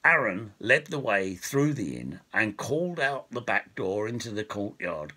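A man reading his own storybook aloud, slow and expressive. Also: fairly low pitch, husky. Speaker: author and storyteller. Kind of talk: storybook narration.

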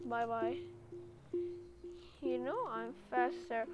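A woman's voice: on the high side, fairly even intonation, takes it slowly, pauses often, faint music behind. A woman giving casual gameplay commentary as a gaming YouTuber, chatty and reading internet slang aloud. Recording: loud game car-engine noise behind.

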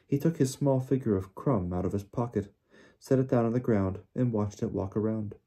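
A man narrating an audiobook in a steady storytelling manner. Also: on the low side, normal speed, husky. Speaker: audiobook reader.

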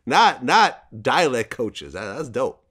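A man hosting a casual interview, asking questions in an upbeat, animated way. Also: mid-range voice, slow pace, husky. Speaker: interviewer, host.

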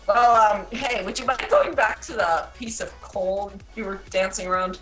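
A woman's voice: mid-range voice, normal speed, fairly bright tone, soft background music. A young woman co-hosting a casual gaming video, giggly and playful. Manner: giggly, playful, easily entertained. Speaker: gaming channel co-host. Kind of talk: casual game commentary.

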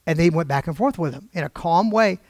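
A man's voice: a little high, expressive, brisk, a little mellow, dry recording, studio quality. An older man preaching in a storytelling style, acting out quoted voices with wry asides.

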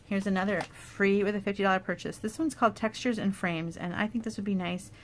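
A woman casually showing off paper craft products in a chatty, enthusiastic way, with fillers and quick asides. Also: medium pitch, steady tone, a little hiss or hum. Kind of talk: casual product show-and-tell.

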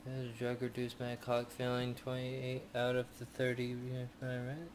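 A man commenting on his own video game playthrough, cursing and yelling at what happens on screen. His voice is mid-pitched, and noisy game sound runs behind him. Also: completely flat delivery, normal speed. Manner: rowdy, profane, yelling at the game. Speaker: gamer playing a video game. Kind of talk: let's play commentary.

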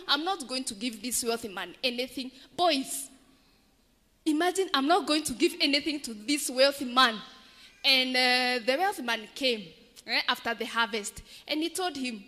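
A woman telling an animated children's story in church and asking the children questions. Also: sits high, moderate pace. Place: large church. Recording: echoey church hall.

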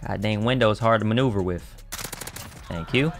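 Low gravelly man yelling at a shooter game. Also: fairly quick, soft background music. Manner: excitable, talks trash to other players, bursts into shouts; casual slang-heavy banter. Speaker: gaming YouTuber. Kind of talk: live gameplay commentary.

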